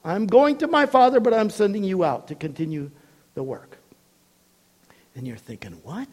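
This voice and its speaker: A man preaching a sermon in a high voice that swoops widely up and down. He tells the story with acted-out voices and laughs along the way. He shifts from loud calls to hushed, low asides. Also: normal speed. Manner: animated storytelling, acting out voices, laughs often.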